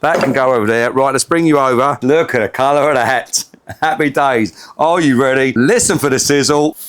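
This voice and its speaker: A man's voice: mid-range voice, normal speed, background noise. A middle-aged man hosting a casual cooking vlog, joking, laughing often and swearing freely. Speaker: home cooking vlogger.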